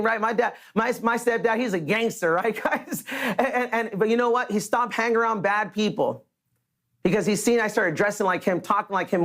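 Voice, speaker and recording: A man from the Los Angeles area giving an earnest, energetic motivational stage speech and talking straight to the crowd. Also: high voice. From Los Angeles area, USA. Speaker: motivational speaker.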